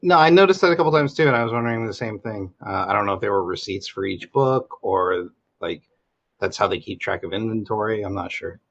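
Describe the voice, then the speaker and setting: Husky low-voiced man on a lo-fi mic. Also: brisk. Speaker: podcast co-host. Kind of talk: casual podcast chat. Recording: dull lo-fi mic sound.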